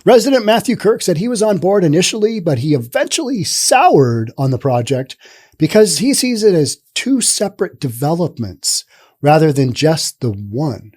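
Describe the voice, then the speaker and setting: Brief: man hosting news commentary, mellow warm voice, slightly high, rambling and sarcastic. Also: big pitch swings, moderate pace. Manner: conversational, rambling, sarcastic asides.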